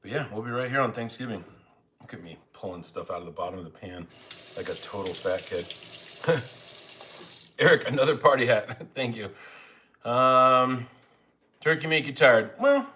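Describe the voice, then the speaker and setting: A man's voice: medium pitch, animated, moderate pace, pauses often, pushed and bright. A man hosting a live stream from home, chatting casually and rambling while he eats, with jokes at his own expense. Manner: rambling, self-mocking, chatty. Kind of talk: casual chat while eating. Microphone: phone.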